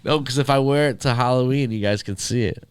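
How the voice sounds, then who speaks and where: A man co-hosting a podcast in casual chat, animated and joking, swearing casually as he talks. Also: mid-range voice, fast talker, smooth, dry recording. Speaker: podcast co-host, DJ.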